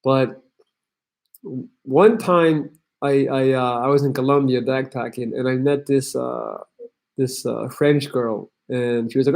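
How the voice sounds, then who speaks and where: A man's voice: mid-range voice, steady tone, slow, creaky, a little mellow. A young man from Belgium, hosting a livestream where he reads chat messages aloud and gives blunt, crude tough-love advice. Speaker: host.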